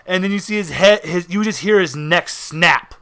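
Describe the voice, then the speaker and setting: A man's voice: high-pitched, normal speed, bright, forceful tone, clean tone. A man narrating a tabletop horror game as game master, with dramatic descriptions and frequent laughter.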